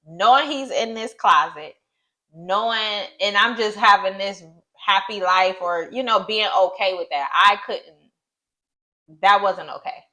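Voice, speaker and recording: A woman's voice: measured pace, sharp tone, rough recording. Young woman, casual couple storytelling, emotional delivery that leaps up on exclamations. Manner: emotional, rising high when exclaiming. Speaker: co-host.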